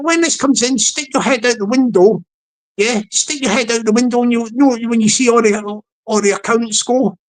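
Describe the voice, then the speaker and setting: Rambling woman streaming live. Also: on the high side. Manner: rambling and repetitive, chuckling, addresses chat viewers. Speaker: livestream host. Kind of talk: casual livestream commentary.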